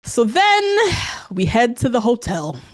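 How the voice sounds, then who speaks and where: A woman's voice: fairly high pitch, unhurried. A woman co-hosting a podcast, chatting casually with slang and acting out the people she talks about. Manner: animated, slangy, acts out quotes. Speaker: podcast co-host. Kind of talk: casual recap chat.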